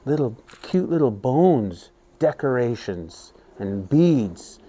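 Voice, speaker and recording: A man telling a story to a class of young children, animated and often asking them questions. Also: medium pitch, slow, husky.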